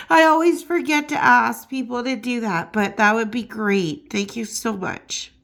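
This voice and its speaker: A woman's voice: on the high side, takes it slowly, fairly bright tone. A woman hosting a gossip channel in casual chat, emotional and laughing often, with many fillers. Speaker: YouTube gossip host. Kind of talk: casual chat and rhyming poem reading.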